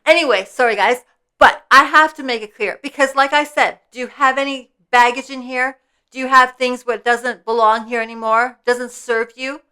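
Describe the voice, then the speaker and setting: High bright earnest woman in her fifties. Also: clean tone. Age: 50s. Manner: earnest, repetitive, checks in with "okay?" constantly. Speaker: vlogger. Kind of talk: casual spiritual vlog talk. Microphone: personal mic.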